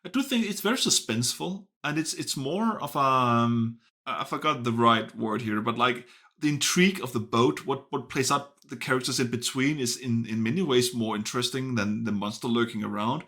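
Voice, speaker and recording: A man's voice: mid-range voice, moderate pace, a bit bright. A man giving a casual spoken film review, stopping often to restart and correct himself. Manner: hesitant, frequent restarts and self-corrections. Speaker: movie reviewer.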